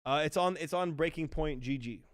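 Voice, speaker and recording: A man casting an esports match on a livestream in a relaxed, chatty way, talking to his chat. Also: a little high, fairly quick, dry recording, clean studio sound. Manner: laid-back, chatty, apologetic about the stream. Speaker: esports caster. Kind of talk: casual livestream commentary.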